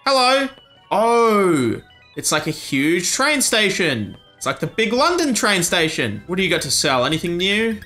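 A man's voice: high-pitched, big pitch swings, normal speed, few pauses, sharp tone, faint music behind. A man giving crude, joking let's-play commentary over a video game. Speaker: YouTube gamer.

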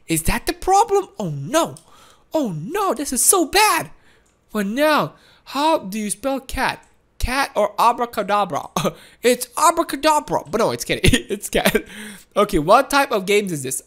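Woman, game commentary, high voice, bouncy and animated, laughs often. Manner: excitable and giggly, frequent laughs and exclamations. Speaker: gaming video host.

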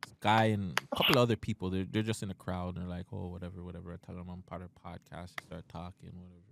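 A man co-hosting a podcast, telling a story in casual, profane chat and loudly acting out the quotes. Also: low-pitched, flat delivery, fast, vocal fry, very noisy. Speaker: podcast co-host.

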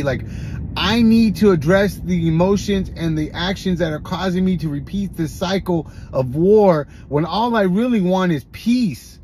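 A man's voice: on the high side, normal speed, darkish tone, a little hiss or hum. A man hosting a podcast, talking candidly in a confessional monologue with frequent restarts. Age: adult, has a grown son. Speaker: podcast host. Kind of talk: personal monologue about recovery.

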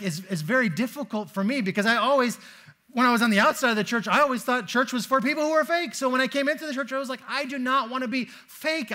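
A man's voice: extremely high pitch, bright, forceful tone. A man preaching a sermon in a church, talking in a conversational, storytelling way with casual fillers. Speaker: pastor. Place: church sanctuary.

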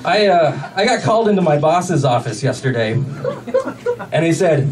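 Man in his thirties doing stand-up, deadpan delivery, higher voice, far from the mic, loud laughing crowd. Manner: deadpan one-liners with short pauses for laughs. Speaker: stand-up comedian. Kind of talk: stand-up comedy set. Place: comedy club stage with a laughing audience. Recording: distant club recording with loud crowd noise.

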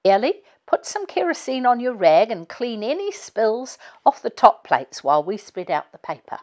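A woman reading aloud as a practical, cheerful mother giving her children brisk instructions. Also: on the high side, big pitch swings, a little mellow.

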